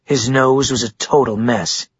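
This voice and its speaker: A man narrating an audiobook in a steady storytelling manner. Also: medium pitch, measured pace, slightly rough, dry recording. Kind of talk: scripted narration. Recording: dull dry muffled recording.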